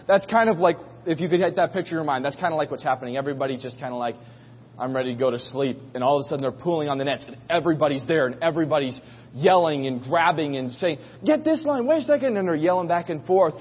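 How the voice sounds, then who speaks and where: A man's voice: fairly high pitch, racing, a little hiss or hum. A man preaching a sermon as a pastor, telling the story in a casual, folksy way and acting out voices. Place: church. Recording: muffled recording in a reverberant hall.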